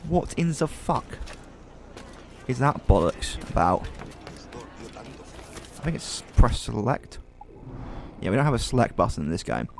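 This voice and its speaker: A man's voice: mid-range voice, big pitch swings, normal speed, creaky, pauses often, soft background music. A man from Wales with a Welsh accent, giving casual, profane let's play commentary as he plays. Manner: profane, ranting. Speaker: gamer.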